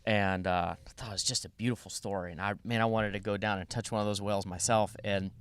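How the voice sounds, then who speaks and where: A man appearing as a podcast guest, telling a long story in a rambling, animated way with many restarts. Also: lowish voice, quick pace, clean tone. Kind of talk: casual storytelling.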